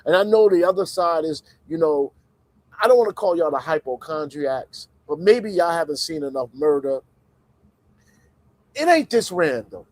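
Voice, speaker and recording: A man giving casual livestream commentary in an animated, conversational way, swinging between loud emphasis and muttered asides. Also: a little high, moderate pace, no echo, poor audio.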